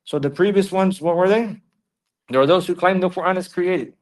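A man giving a religious lesson, reading Arabic passages quickly and then translating and explaining them slowly, often repeating himself and checking that listeners follow. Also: high-pitched. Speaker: religious teacher. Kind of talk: classroom lecture explaining a text.

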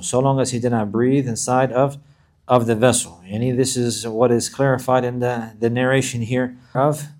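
A man giving a religious lesson, who repeats his phrases and reads Arabic quotes quickly before translating them. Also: medium pitch, darkish tone. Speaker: Islamic teacher. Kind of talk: religious lesson explaining hadith.

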